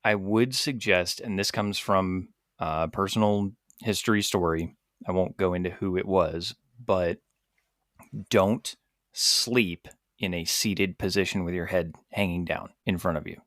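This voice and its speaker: Male podcast co-host, low voice, dry close sound, earnest practical tone. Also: fairly even intonation, measured pace, a bit bright, dry recording. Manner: earnest, practical advice-giving. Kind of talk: casual chat.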